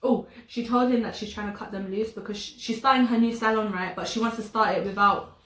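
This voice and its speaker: A woman chatting casually about a drama, animated and laughing as she acts out quotes. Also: mid-range voice, fast talker. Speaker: co-host. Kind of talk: casual chat reviewing a drama. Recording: echoey room, a bit far from the mic.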